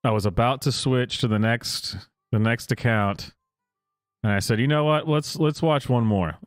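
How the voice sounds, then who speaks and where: A man hosting casual reaction commentary, incredulous and halting, often breaking into laughter. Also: mid-range voice, no echo, studio quality, soft background music. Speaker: host.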